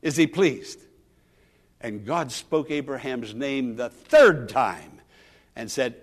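A man pastor preaching a sermon, calling out with rising emotion and dropping to soft, quiet asides. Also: medium pitch, lively intonation, takes it slowly.

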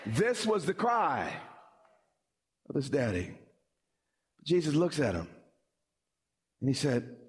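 A male pastor delivering a sermon in an animated way, repeating words when he presses a point. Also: a little high, moderate pace, pauses often, husky.

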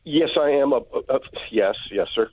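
A man's voice: medium pitch, lively intonation, moderate pace, no room sound. A man calling in to a radio show, worked up and stammering through restarts. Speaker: caller. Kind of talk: call-in radio talk. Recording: tinny phone line.

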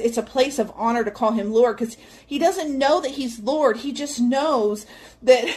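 A woman's voice: sits high, a little mellow. A woman giving a casual devotional teaching, earnest and reflective, often adding "like" and small laughs. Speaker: devotional podcast host.

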